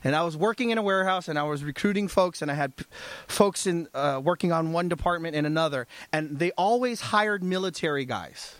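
A male pastor preaching a sermon in an animated, conversational storytelling way. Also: on the high side, brisk, no room sound.

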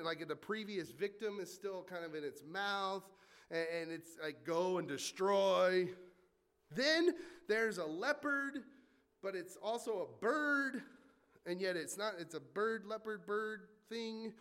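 A man preaching with lively, conversational energy. He breaks off for asides and jokes. His voice sits high for a man. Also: clear, resonant tone. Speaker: pastor. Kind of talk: sermon.

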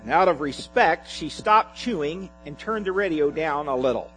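A male pastor reads a humorous sketch to his congregation, his voice high and sweeping through wide swings of pitch. Soft music sits faintly behind him. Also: normal speed, hardly any pauses, rough recording. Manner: animated storytelling. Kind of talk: sermon with a read-aloud humorous sketch.

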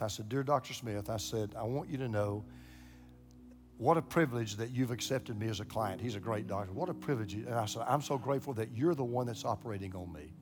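An older man preaches at his congregation, telling a personal story with lively energy, stumbling and repeating words as he gets worked up. His voice sits at an ordinary middle pitch, and guitar music plays clearly underneath him. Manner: animated, repeats words when excited, acts out quoted voices. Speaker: pastor. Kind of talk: sermon storytelling.

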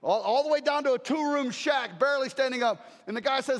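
High pitched guy preaching, emphatic, shouts stuff, big echoey hall sound. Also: a little fast. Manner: animated, emphatic, shouts key phrases. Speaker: traveling preacher. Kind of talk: sermon.

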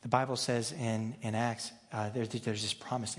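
A pastor preaches in a loose, chatty way, restarting his sentences and slipping in jokes. His mid-pitched voice carries a long reverb from the church sanctuary around him. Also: flat delivery, moderate pace, few pauses. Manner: conversational and joking, with frequent restarts. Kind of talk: sermon.

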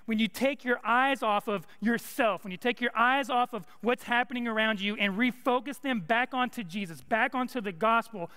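A young man preaching a casual, energetic sermon full of fillers and stories. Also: sits high, clear, resonant tone. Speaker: college ministry preacher.

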